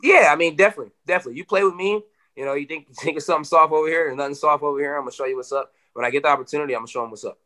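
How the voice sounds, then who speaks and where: A man, a fighter, telling stories in a casual interview, animated, full of "you know" and swearing. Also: fairly high pitch, rapid-fire.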